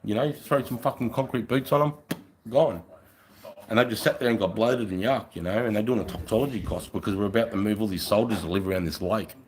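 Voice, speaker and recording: An Australian man, a middle-aged army veteran, telling war stories on a live stream in a casual, profane, animated way. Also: fairly low pitch, quick pace, poor audio. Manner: profane, animated, acts out voices. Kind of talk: casual storytelling.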